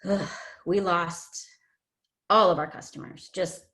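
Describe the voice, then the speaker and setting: A woman guest shares a personal testimony in an earnest, emotional way, often pausing with fillers. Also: fairly low pitch, steady tone, a bit bright.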